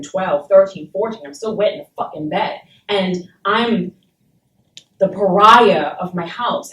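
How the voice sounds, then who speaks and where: A woman from Saint Thomas in the Virgin Islands, speaking to a university class and telling a personal story in a blunt, emphatic way, with frequent swearing. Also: medium pitch. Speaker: guest speaker. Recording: roomy and distant, faint background noise.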